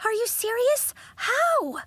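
A woman reading aloud puts on a young schoolgirl who wails, pitched well above the narrator's own voice. It comes across loud and piercing. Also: big pitch swings, takes it slowly, no echo, heavily acted. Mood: upset. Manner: wailing, high-pitched.

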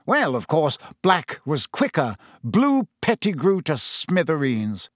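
A man's voice: a little high, huge pitch swings, takes it slowly, dry recording, studio quality, pitched above the performer's own voice, heavily acted. A man voicing a self-important middle-aged official, earnest and pompous in manner. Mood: grave.

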